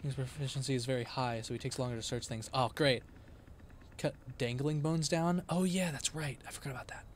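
A man's voice: medium pitch, moderate pace, slight background noise. A man streaming a horror game, commenting live, yelping when startled and muttering to himself in between. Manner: excitable, yelps and shouts when startled, then mutters quietly. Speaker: gaming streamer.

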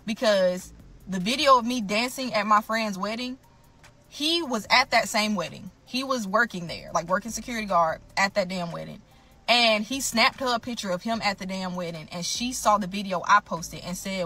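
Bright-voiced woman, blunt and emphatic. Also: mid-range voice, moderate pace. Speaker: vlogger telling her own story. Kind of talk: candid storytelling to camera.

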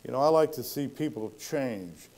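A man's voice: mid-range voice, expressive, normal speed, darkish tone. A male pastor telling stories in a folksy sermon style, acting out the people he quotes. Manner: folksy, acts out quoted voices with rising intensity. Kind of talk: sermon storytelling.

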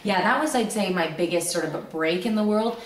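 A woman's voice: medium pitch, a little fast, echoey room, a little hiss or hum. A woman voice actor chatting in an interview, with a youthful but not girly voice, laughing easily and talking in loose restarts. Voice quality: young-sounding voice, not girly. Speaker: voice actor guest. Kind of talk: casual interview chat.

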